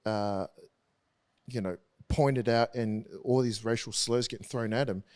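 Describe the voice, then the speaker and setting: Earnest man, halting candid storytelling. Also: medium pitch, fairly even intonation, a little mellow, clear, resonant tone. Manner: earnest, halting with frequent restarts. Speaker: interview guest, rugby league player. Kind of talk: candid podcast conversation.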